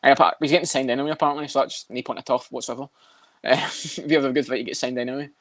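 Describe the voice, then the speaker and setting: Brief: very fast-talking male co-host, blunt and sweary, dry close recording. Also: medium pitch, fairly even intonation, no room sound. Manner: rapid, swears a lot, blunt. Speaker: podcast co-host. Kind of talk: casual chat about fights.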